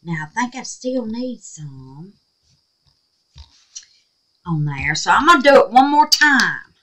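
A middle-aged woman hosting a crafting video, talking casually and excitably with many exclamations. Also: a little high, slow, rough recording. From Southern United States. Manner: chatty, excitable, frequent exclamations. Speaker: resin craft video host. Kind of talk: casual crafting demo talk.

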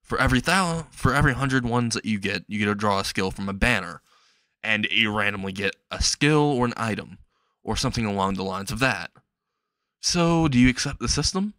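A man's voice: lowish voice, expressive, a little fast, sharp tone, no echo. A man voicing a smug, sarcastic magical game system that explains its rules. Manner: sarcastic, matter-of-fact.

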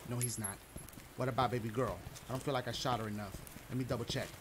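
A man giving excitable, profane let's-play commentary, talking back to game characters and yelping when scared. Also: mid-range voice, quick pace, very noisy. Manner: panicky yelps and shouts when scared. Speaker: gaming video host. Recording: loud game audio and clicks behind voice.

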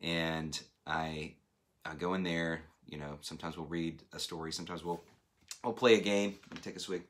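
Guy in his 30s giving a sermon, lowish voice but bright and punchy, really animated. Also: normal speed. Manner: animated, acts out phone voices. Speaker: pastor. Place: church hall.

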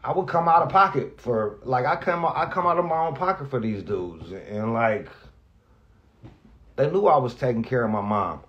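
A man, a radio host, talks candidly and off the cuff, halting and restarting often, with lots of profanity and earnest emotion. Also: medium pitch, expressive, a bit bright, highs cut off. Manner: halting, rambling, heavy profanity, frequent restarts; earnest, emotional about being grateful. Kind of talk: candid off-the-cuff vlog talk.

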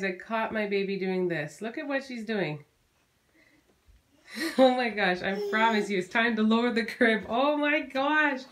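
Canadian mom in her 30s vlogging, chatty and playful, sing-songy baby talk now and then. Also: mid-range voice. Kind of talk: casual vlog chat.

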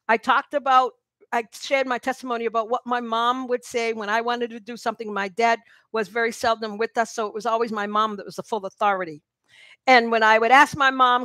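A woman's voice: fairly high pitch, a bit bright, no room sound. A woman teaching a sermon, exhorting her listeners directly and reading scripture aloud. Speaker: Bible teacher.

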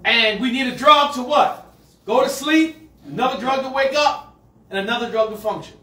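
Male preacher, call-and-response sermon, very high voice, roomy distant sound. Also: normal speed. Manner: call-and-response preaching, swings from quiet asides to shouts. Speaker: pastor. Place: church sanctuary with a congregation. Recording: echoey hall, mic far off. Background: congregation answering.

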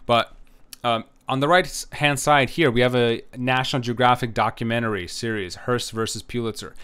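A man's voice: medium pitch, steady tone, moderate pace, fairly bright tone, clean tone. A man giving a recorded history lecture, rambling with many filler sounds and frequent "right?" checks.

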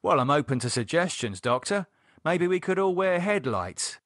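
A man voices a blunt, sardonic, edgy character who swears casually while preparing a grim ritual to revive a vampire. He pitches the voice above his own, landing on the high side, a bit bright, with big pitch swings at a moderate pace. The sound is clean studio audio with no room sound.

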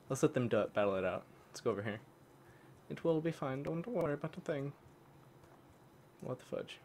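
A man casually commenting on his own online shooter match, excitable and trash-talking, dropping to mutters and jumping to yells. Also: mid-range voice, moderate pace, pauses often, slight background noise. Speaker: gaming YouTuber.

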